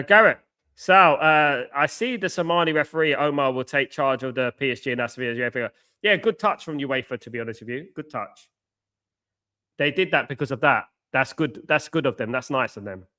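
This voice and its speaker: A young man runs a live football watchalong stream. His voice sits at an everyday middle pitch but sounds bright and forward. He talks casually, bantering with viewers and circling back over the same points. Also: lively intonation, normal speed. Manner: chatty, repeats himself, banters with viewers. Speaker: watchalong host reading live chat. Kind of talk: live stream commentary and chat.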